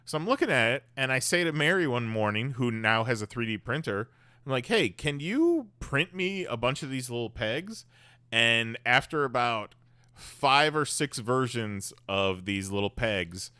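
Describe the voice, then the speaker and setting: A man's voice: on the low side, unhurried, bright, forceful tone, clean tone, dry recording. A man hosting a podcast in casual chat, rambling with lots of fillers and swearing. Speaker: podcast host.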